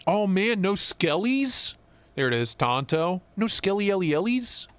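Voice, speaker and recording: A young man co-hosting a live stream, chatting casually and swearing as he jokes and gets excited. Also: high-pitched, slow. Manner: excited, profane, joking. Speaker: knife show co-host.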